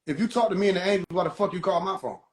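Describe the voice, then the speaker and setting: A man's voice: sits high, rapid-fire, reverberant, lightly acted. A man voicing God as an annoyed, blunt figure answering a phone call. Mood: irritated. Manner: irritated, curt.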